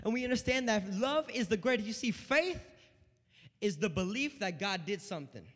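A high-pitched man preaching a sermon in a church, with a long reverb trailing his words. He preaches with animation, dropping to a hush and then rising loud. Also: moderate pace. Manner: animated preaching, swinging between hushed and loud.

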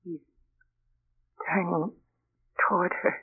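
A woman's voice: on the low side, fairly even intonation, slow, breathy edge. An actress playing a frightened young mother, breathless and often whispering, in 1940s radio acting on a tinny old radio recording. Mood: terrified.

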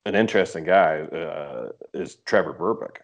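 Man, from Canada, deep low voice, casual chat, animated, profane. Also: normal speed, lo-fi sound. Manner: swearing, animated storytelling. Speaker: podcast guest, author.

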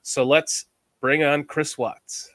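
A man's voice: a little high, flat delivery, slow, over loud music. A man from the United States hosting a casual sports podcast, chatty and rambling, with a self-deprecating streak. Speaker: podcast host.

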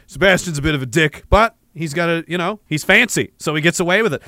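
A man's voice: fairly high pitch, lively intonation, fast talker, hardly any pauses, pushed and bright, dry recording, studio quality. A man hosting a livestream, reading viewer messages in a profane, rambling way and laughing often. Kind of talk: casual livestream chat.

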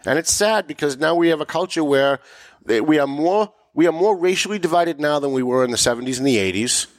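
A man's voice: a little high, animated, brisk, dry recording, clean studio sound. A man hosting a political talk show, emphatic and pushing his voice up sharply when making a point. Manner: emphatic, rising to sharp mocking peaks. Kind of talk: political commentary chat.

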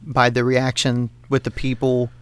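A man's voice: medium pitch, completely flat delivery, unhurried, a bit bright, clean tone. A man co-hosting a podcast, ranting heatedly about politics, swearing constantly and laughing between points. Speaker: podcast co-host. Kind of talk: profane political rant.

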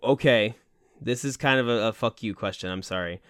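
A man's voice: fairly low pitch, normal speed, a bit bright, smooth, no echo, studio quality. A man co-hosting a podcast, quizzing his friend in casual chat, laughing easily and swearing now and then. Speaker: podcast co-host.

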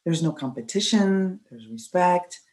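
A woman's voice: on the low side, expressive, measured pace, a little mellow, poor audio. A woman hosting a podcast, earnest and emphatic, talking from her own life as a mother. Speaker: podcast host. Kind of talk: casual chat.

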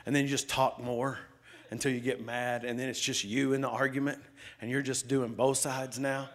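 Animated storytelling pastor, a man. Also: medium pitch, normal speed. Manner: animated storytelling, swings from loud to hushed; talks to the congregation with questions. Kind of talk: sermon.

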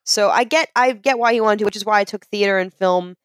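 A woman chatting casually, telling lively stories and acting out other people's voices. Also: mid-range voice, quick pace, clear, resonant tone, no echo. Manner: animated storyteller, acts out voices with laughter. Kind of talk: casual chat.

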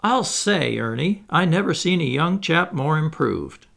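A man's voice: on the high side, expressive, unhurried, vocal fry, a bit bright, pitched above the performer's own voice, heavily acted. A man voicing a plain-spoken young kitchen maid. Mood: homely.

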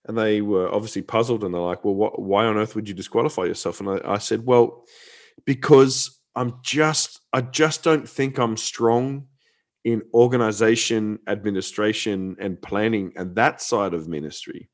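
A man's voice: lowish voice, fairly even intonation, normal speed. A middle-aged man hosting a casual talk, telling a story in a chatty way with many restarts and fillers. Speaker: podcast host, former youth pastor.

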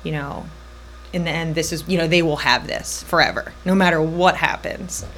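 A woman's voice: sits low, steady tone, a bit bright, a little hiss or hum. A woman in her thirties telling her personal story as a podcast guest, jumping around between moments and quoting the people involved. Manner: tells her story in quick, looping bursts, voicing others in her quotes.

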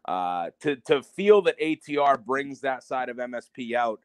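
Male co-host, mid-pitched and conversational, relaxed and reflective, dry studio sound. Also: normal speed, clear, resonant tone, no echo. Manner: conversational, reflective, some fillers. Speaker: podcast co-host, wrestling promoter. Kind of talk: casual wrestling podcast chat.

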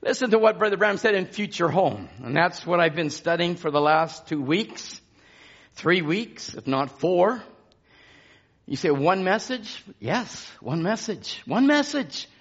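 A man's voice: high-pitched, lively intonation, measured pace, fairly bright tone, highs cut off. A man preaching a sermon with passion, his intensity rising and falling as he exhorts the congregation.

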